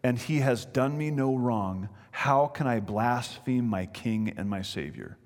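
A man voicing a calm and resolute old male martyr who speaks solemnly and steadily. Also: mid-range voice, unhurried, long reverb tail.

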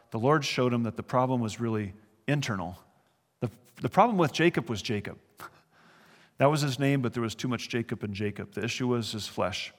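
A pastor with a mid-range voice teaches through the Bible verse by verse, his sermon echoing in a large hall. His tone stays earnest yet conversational, broken up by short laughs.

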